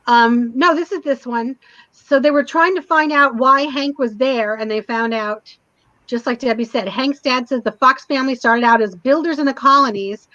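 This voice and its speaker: A woman's voice: high-pitched, pushed and bright, dry recording. A woman co-hosting a casual chat, animatedly and emotionally retelling a TV episode. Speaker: co-host. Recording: dull lo-fi stream audio.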